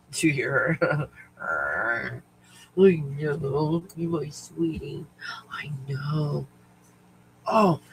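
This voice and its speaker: Bright-voiced man chatting loosely. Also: fairly high pitch, a little hiss or hum, rough recording. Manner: rambling and profane, often laughing. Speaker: spiritual livestream host. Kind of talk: casual chat to viewers.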